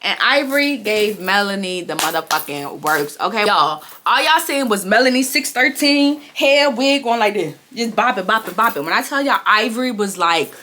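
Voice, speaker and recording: A young woman, casually recapping a reality show and acting out quotes with big pitch jumps. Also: expressive, moderate pace, few pauses, pushed and bright, slight background noise.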